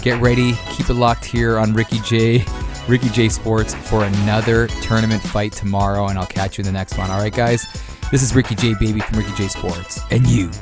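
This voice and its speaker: A man's voice: on the low side, little pitch movement, fairly quick, over music. A male host wrapping up a gaming video in a hyped, playful way.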